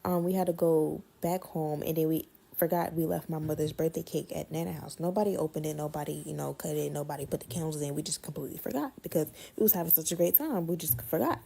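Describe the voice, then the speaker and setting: A woman telling a casual storytime, animated and blunt, swearing freely and repeating words for effect. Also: sits low, fast talker, creaky, few pauses, slightly rough.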